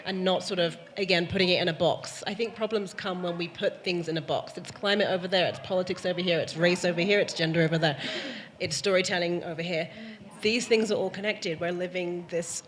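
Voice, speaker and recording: A woman's voice: lowish voice, steady tone, brisk. A woman moderating a panel discussion, emphatic and fond of repeating phrases for effect.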